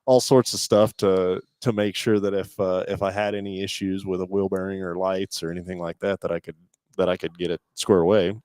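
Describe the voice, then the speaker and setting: A man with a lowish voice, chatting casually as co-host of a live show. He tells a long folksy story full of restarts. The sound is dry and close. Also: little pitch movement, fairly quick, a little mellow, clean tone, dry recording. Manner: rambling, restarts, folksy road-trip storytelling.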